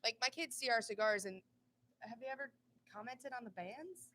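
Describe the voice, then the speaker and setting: A woman's voice: on the high side, animated, normal speed, sharp tone, slight background noise. A woman from Minnesota co-hosting a casual live chat, joking and teasing. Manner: joking, teasing, laughs often. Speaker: podcast co-host.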